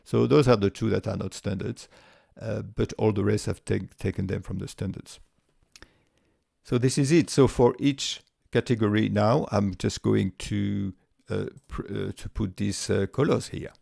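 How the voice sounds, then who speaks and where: A man with a voice walking through a spreadsheet tutorial step by step, relaxed, with frequent fillers and restarts. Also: on the low side, unhurried, creaky, no echo, clean studio sound. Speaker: tutorial presenter. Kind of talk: screen-recorded software tutorial.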